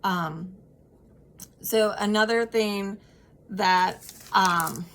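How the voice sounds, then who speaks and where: A woman's voice: mid-range voice, very slow, a bit bright, a little hiss or hum. A woman in her thirties talking casually to her viewers, earnest and heartfelt, with frequent ums and restarts. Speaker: vlogger sharing personal experience. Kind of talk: casual advice chat to camera.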